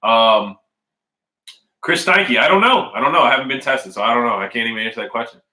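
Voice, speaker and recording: Casual fan-stream host, man, repeats himself for emphasis, bright tone, roomy echo. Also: mid-range voice, animated, fairly quick. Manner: repetitive, emphatic, says "man" and "I really do" often. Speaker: sports fan streamer reading chat. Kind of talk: casual live-stream chat. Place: at home indoors.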